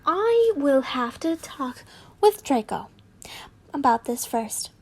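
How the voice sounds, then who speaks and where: A woman's voice: high-pitched, very animated, slow pace, full character voice. Woman reading as a firm young husband. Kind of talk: amateur fanfiction reading.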